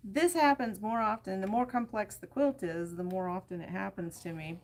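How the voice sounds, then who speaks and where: A woman's voice: mid-range voice, lively intonation, moderate pace, noisy background. A woman hosting a live sewing show, chatting casually and self-deprecatingly while she works. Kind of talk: casual live demo chat.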